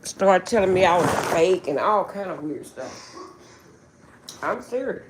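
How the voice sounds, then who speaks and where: An older woman hosting a casual livestream from her phone, telling stories in a chatty, animated way. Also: lowish voice, background noise. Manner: chatty, animated storytelling, drawn-out asides. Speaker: livestream host.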